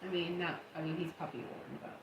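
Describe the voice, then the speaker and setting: A woman talking softly and cooing over a dog at home during a casual live stream. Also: on the low side, steady tone, fast. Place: at home indoors. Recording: echoey room with clear background hiss.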